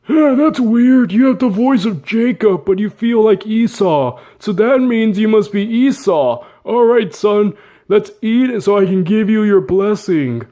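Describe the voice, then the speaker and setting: A man voicing a gullible old blind father in a high, drawn-out comic voice. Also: animated, mellow. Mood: puzzled.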